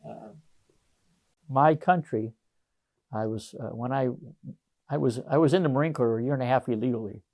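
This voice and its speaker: An older man from Canada, a retired Marine, telling stories with frequent chuckles in a relaxed interview. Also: medium pitch, normal speed, pauses often. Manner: chuckling raconteur, acts out quoted voices. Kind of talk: storytelling in casual interview.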